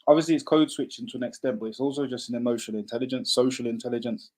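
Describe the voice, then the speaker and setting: Man, mid-pitched, thoughtful, casual chat. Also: racing, darkish tone.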